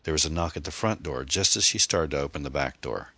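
Very deep-voiced male audiobook narrator. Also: expressive, brisk, bright, forceful tone, no room sound.

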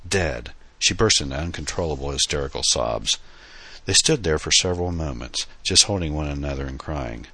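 Very deep, husky male audiobook narrator. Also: no echo. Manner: steady, earnest storytelling.

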